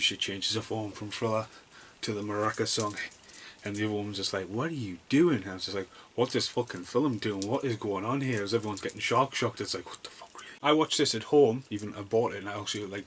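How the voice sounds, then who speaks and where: Brief: male film reviewer, lowish voice, swears a lot and rambles, faint background hiss. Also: fairly bright tone. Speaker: movie reviewer. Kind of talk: casual comedic film review.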